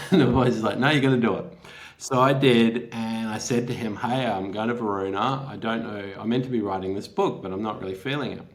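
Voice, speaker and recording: A man's voice: fairly low pitch, fairly quick, few pauses. A man, a writer, telling an anecdote as a guest, laughing often and acting out the quotes. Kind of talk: anecdotal storytelling in an interview.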